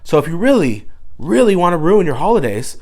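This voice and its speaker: A man, a dad vlogger, giving mock-serious sarcastic advice and swinging between hushed asides and loud bursts. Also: fairly high pitch, sing-song, a little fast.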